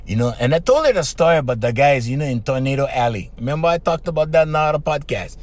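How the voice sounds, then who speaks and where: Man, middle-aged, podcast host, fairly high voice, animated pitch, chatty. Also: fast. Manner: chatty, frequent "okay?" and "right?" tags. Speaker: podcast host and life coach. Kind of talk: storytelling podcast monologue.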